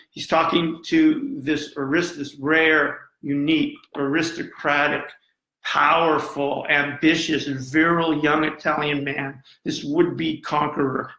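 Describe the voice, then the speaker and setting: A man's voice: a little high, pushed and bright. A man giving an impassioned live lecture, dramatic and emphatic, repeating phrases for effect. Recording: roomy echo.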